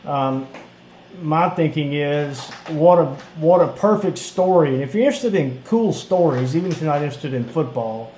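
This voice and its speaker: A man co-hosting a casual live stream, telling stories with animated bursts. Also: a little high, moderate pace. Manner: animated storyteller, excited bursts. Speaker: podcast co-host. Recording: echoey room with faint hiss.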